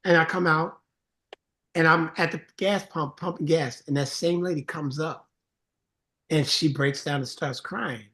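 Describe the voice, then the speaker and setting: A man's voice: on the high side, unhurried, bright, forceful tone. A middle-aged man speaking as a guest in a casual interview, telling earnest stories and acting out the voices of the people in them. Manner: earnest storyteller, acts out quoted voices. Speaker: songwriter and producer guest.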